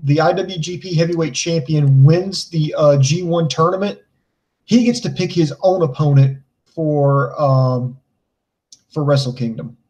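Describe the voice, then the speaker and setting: A man co-hosting a casual chat show, talking in a measured, cautious way. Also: fairly high pitch, a little mellow, poor audio. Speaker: podcast co-host.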